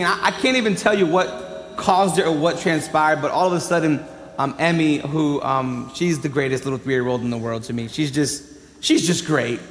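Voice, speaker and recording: A man's voice: a little high, a bit bright. A man in his thirties preaching a sermon with emphatic delivery and joking asides. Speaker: pastor. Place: large church hall. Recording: echoey hall, long reverb.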